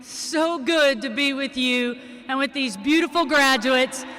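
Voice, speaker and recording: A man welcoming graduates to their ceremony, his voice very high-pitched and bright. He speaks with open emotion and affection toward the students, in a large stadium. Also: measured pace, a little hiss or hum. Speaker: school administrator welcoming graduates.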